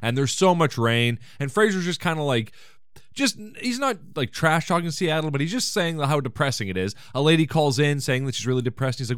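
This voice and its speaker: A man's voice: fairly high pitch, animated, fairly quick, clear, resonant tone, dry recording, studio quality. A man hosting a casual comedy podcast, recapping an episode with rambling, sarcastic asides. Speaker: podcast host.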